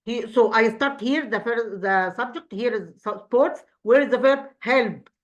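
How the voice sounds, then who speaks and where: This teacher's voice is fairly high and unhurried, captured in dull audio. She's a woman with an Egyptian accent teaching English, walking through an exam review methodically, quizzing and answering herself, with many restarts.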